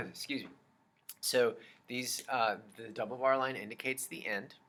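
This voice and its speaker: A man teaching a children's music lesson, explaining slowly and patiently and chanting rhythm syllables. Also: mid-range voice, expressive, bright, forceful tone.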